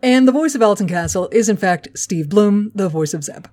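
A woman co-hosting a podcast, talking in a casual, chatty way. Her pitch sits in the middle range. She swears freely and laughs easily. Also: animated, normal speed, a little mellow. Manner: chatty, profane, laughs a lot. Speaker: podcast co-host.

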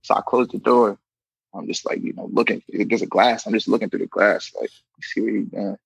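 A man who works as a correction officer, telling stories in a casual, animated way and acting out the voices of the people in them. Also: on the low side, fairly quick, creaky, slightly rough, no room sound, rough recording. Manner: animated, acts out quoted voices, fills with "you know what I mean". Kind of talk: casual storytelling in an interview.

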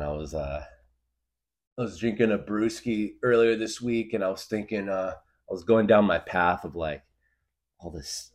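A man's voice: low-pitched, a little mellow. A man hosting a comedy podcast, rambling through a comic monologue packed with filler words. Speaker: podcast host.

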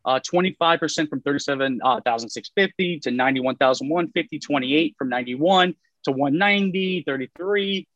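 A man's voice: fairly high pitch, brisk, few pauses, a bit bright, dry recording, dull audio. A man who works in taxes explains tax brackets in casual chat, with many fillers like "uh" and "like". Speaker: tax professional guest.

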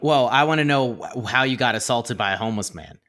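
A man's voice: mid-range voice, brisk, fairly bright tone, faint music behind. A man co-hosting a podcast who adds short, encouraging interjections in casual chat. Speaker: podcast co-host.

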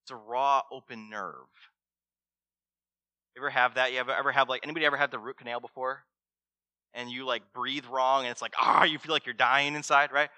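A man preaching a sermon as pastor, swinging between loud emphasis and hushed words and asking the congregation direct questions. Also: mid-range voice, fairly even intonation, fairly quick, no echo.

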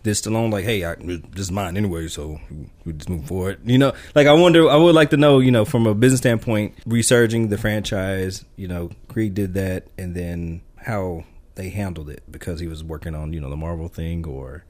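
In casual film chat on a filmmaking podcast he co-hosts, this man speaks in a deep, slightly mellow voice at a somewhat fast pace. His talk wanders, full of fillers and false starts.

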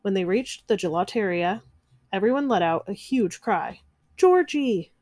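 A woman's voice: medium pitch, moderate pace, a little mellow, no room sound, clean studio sound. Woman reading a children's storybook aloud. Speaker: narrator.

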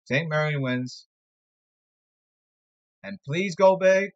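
A man's voice: a little high, slow pace, dull audio. A man giving a rambling, sarcastic sports commentary monologue, exasperated and jumping from topic to topic. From New York area.

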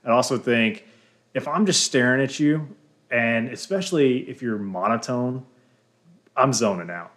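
Loud, jokey male podcast co-host. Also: mid-range voice, unhurried. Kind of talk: casual podcast chat. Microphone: sitting far from the mic.

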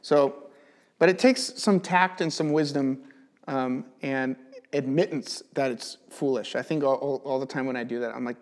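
A man teaching in a casual, animated way, telling a personal testimony and leaning heavily on "like". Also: mid-range voice, moderate pace. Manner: animated storyteller, chatty with many "like" fillers. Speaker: Bible teacher.

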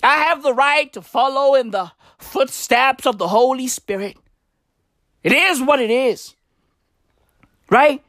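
A woman's voice: high-pitched, a bit bright, no room sound, clean studio sound. A woman delivering a crude, rambling, profane comedic rant in slangy bro talk.

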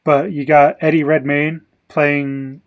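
Slightly higher-voiced man musing on a film. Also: flat delivery, slow, lo-fi sound. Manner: second-guessing, thinking aloud. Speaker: podcast co-host. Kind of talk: casual movie discussion.

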